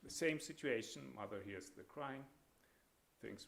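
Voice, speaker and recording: Measured and hesitant, this panel speaker delivers an academic lecture with many pauses and filler words. His voice is mid-range and gravelly.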